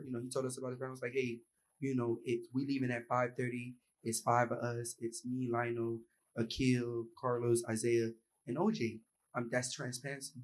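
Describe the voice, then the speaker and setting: A young man, a university student, speaks earnestly into the audience microphone at a panel, acting out snippets of example dialogue. His voice is mid-range, and the recording is rough.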